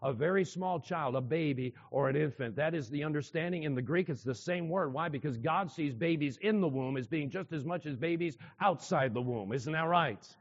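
A man's voice: a little high, moderate pace, few pauses. Emphatic preacher man in a reverberant hall. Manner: emphatic, repeats key phrases, asks the congregation questions. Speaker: pastor. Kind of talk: sermon. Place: church hall with a congregation. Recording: dull sound with long hall reverb.

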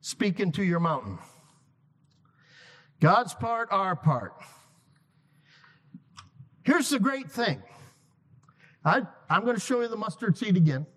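High-voiced man preaching in a reverberant hall. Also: big pitch swings. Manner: emphatic, repeats key lines slowly. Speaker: guest preacher. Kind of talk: sermon. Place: church sanctuary. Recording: long reverb of a large hall.

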